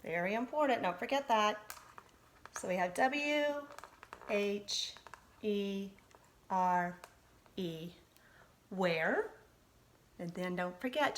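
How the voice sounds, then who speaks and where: Using lively intonation in a mid-range voice, a woman teaches spelling to young children. Her dictation is slow and deliberate, each letter spelled out individually as she patiently encourages them.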